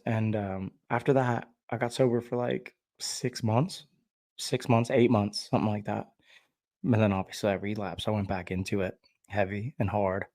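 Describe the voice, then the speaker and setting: A man's voice: on the low side, darkish tone, no room sound. A man vlogging a candid personal story in a rambling, frank way, with fillers, restarts and swearing. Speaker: vlogger sharing his recovery story.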